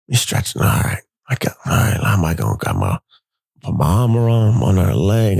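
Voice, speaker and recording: Man, podcast host, storytelling, gravelly, mellow dark tone, animated, cusses. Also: low voice. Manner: animated, profane, acts out quotes. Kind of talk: personal storytelling.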